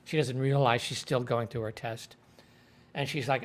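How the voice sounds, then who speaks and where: A man's voice: mid-range voice, moderate pace. A man hosting a livestream, casually retelling a TV episode in a rambling way and quoting the characters. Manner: rambling retelling with quoted voices. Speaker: show reviewer.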